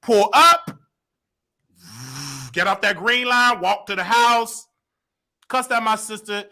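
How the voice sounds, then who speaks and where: A man telling a personal story as a guest, animated and expressive, jumping into loud voices when quoting people. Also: high voice, takes it slowly. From Chicago.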